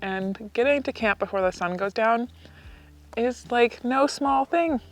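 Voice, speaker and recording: A woman's voice: a little high, unhurried, soft background music. A woman vlogging at her campsite while she cooks dinner, chatting in an upbeat way and laughing often as she acts out little exchanges with people she met. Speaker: motorcycle travel vlogger. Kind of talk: casual chatty vlog narration. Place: outdoor campsite, cooking.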